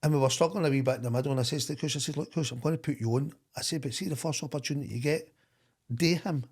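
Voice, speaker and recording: A middle-aged Scottish man, a former football manager, telling stories in a lively way with frequent laughs. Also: fairly high pitch, very fast, husky. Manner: animated, laughing anecdote-teller. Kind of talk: storytelling in podcast chat.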